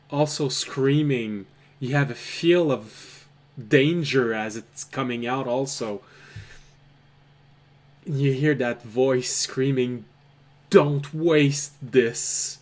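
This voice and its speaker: Slow, deliberate male game master. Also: medium pitch. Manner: slow, measured, dramatic storytelling. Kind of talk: narrating a tabletop game.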